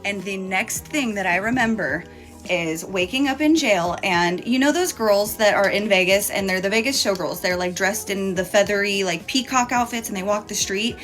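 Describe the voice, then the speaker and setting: A young woman tells a casual storytime in a bright, forceful voice, chatty and candid, with a habit of swearing freely. Faint music sits quietly behind her. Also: medium pitch, moderate pace.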